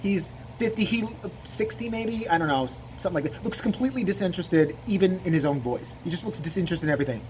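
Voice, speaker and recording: A man's voice: high voice, animated, fast talker, hardly any pauses, darkish tone, a little hiss or hum. A man giving rambling, profane comic commentary on a video. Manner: rambling, profane, laughing asides.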